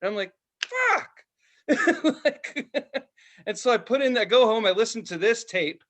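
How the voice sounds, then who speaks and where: Man in his 40s, podcast co-host, lively storyteller who swears and acts out voices, slightly high-pitched. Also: fast talker. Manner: animated storyteller, swears freely, acts out quotes. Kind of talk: casual chat.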